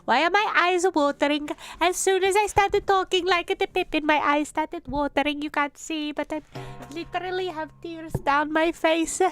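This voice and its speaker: A woman voicing a small mouse-like game character in a squeaky, chirpy voice with a chattering, amazed manner. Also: steady tone, normal speed, a bit bright, soft background music.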